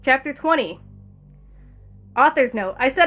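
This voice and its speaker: A woman's voice: fairly high pitch, lively intonation, moderate pace, fairly bright tone, soft background music. A woman streamer reading a fanfic aloud, breaking into laughter and wry asides between lines.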